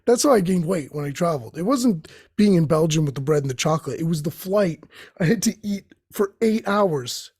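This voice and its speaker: Here a young male host with a high, slightly husky voice riffs through a foul-mouthed comedy monologue, hopping from tangent to tangent and acting out quoted voices. He sounds expressive and a little mellow, captured close-up and dry without echo.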